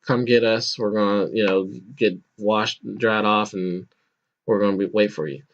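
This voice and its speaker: A man in his thirties, the podcast's host, speaks at a normal speed in a fairly low voice with fairly even intonation. He relates a long personal story casually, breaking into laughter, restarting lines and imitating voices, over muffled lo-fi audio.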